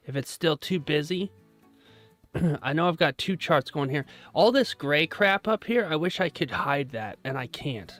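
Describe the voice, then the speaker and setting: A man's voice: mid-range voice, normal speed, a bit bright, faint music behind. A man chatting casually with his live-stream viewers as a futures day trader, reading their comments aloud and joking at his own expense. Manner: chatty, self-deprecating, reads out chat comments.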